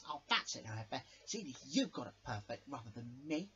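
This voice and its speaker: A man voicing an excitable, jealous male bandicoot in a homemade toy show, squeaky and yelping. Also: a little fast, dull audio.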